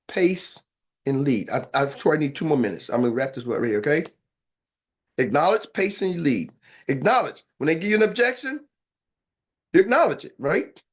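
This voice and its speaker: A man's voice: high voice, normal speed. A man leading a sales training session who acts out customer replies and keeps checking in with his audience. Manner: energetic, acts out customer replies, asks "are y'all with me?". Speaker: sales coach. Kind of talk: live sales training talk.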